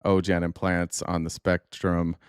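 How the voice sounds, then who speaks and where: A man's voice: low-pitched, monotone, unhurried, clean tone, no room sound, clean studio sound. A man hosting a live stream, reacting to political clips with sarcastic, profane commentary.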